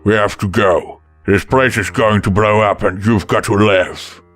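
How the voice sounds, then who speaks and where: A man reading a blunt stallion in an audiobook, giving firm and urgent orders. His voice stays low and plain, with faint music under it. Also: fairly even intonation, a little slow, fairly bright tone. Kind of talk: audiobook character voice.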